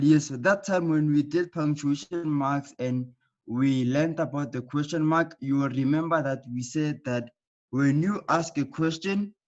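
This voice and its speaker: Teacher guy doing an online class, keeps asking okay?, higher voice, muffled audio. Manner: patient, repeats key points with frequent "okay?" checks. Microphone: computer mic in an online class.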